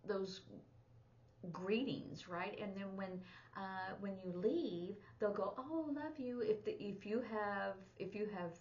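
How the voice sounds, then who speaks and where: A woman's voice: mid-range voice, fairly even intonation, slow, darkish tone. A woman who teaches sign language and works as an interpreter, giving a casual spoken lesson in a chatty way and acting out bits of dialogue as she explains. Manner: chatty, acts out quoted dialogue. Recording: dull lo-fi recording.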